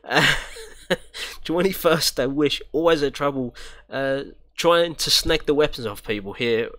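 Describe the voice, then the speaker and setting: A man's voice: a little high, unhurried, fairly bright tone. A young British man commentating casually while playing a racing game, chatty, swearing and giggling often. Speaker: gaming channel host. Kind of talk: casual let's-play commentary.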